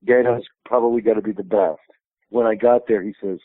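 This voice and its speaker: This fifties-aged wrestling promotion president tells meandering stories while calling in as an interview guest. He speaks a little quickly, in a lower register with fairly even intonation. There's no echo, just the thin sound of a phone line.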